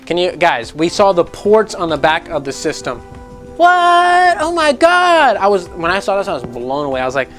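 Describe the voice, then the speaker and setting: Animated, sarcastic gaming vlogger man. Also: fairly high pitch, fairly quick, faint music behind. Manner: animated and sarcastic, swears freely, mocks others in put-on voices. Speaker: gaming news channel host. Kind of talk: casual gaming news commentary.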